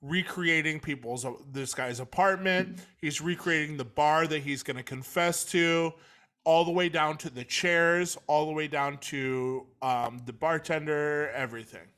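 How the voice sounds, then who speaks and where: A young man with a bright, forceful voice set a little high, joking around and steering a podcast chat. His talk is loose and casual. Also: measured pace. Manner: loose, jokey, steers the topics. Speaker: podcast co-host.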